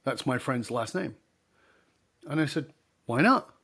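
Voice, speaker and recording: Telling stories on a podcast, this middle-aged leadership speaker acts out each side of the dialogue himself. He speaks at a measured pace in a mid-range voice that is creaky with a breathy edge.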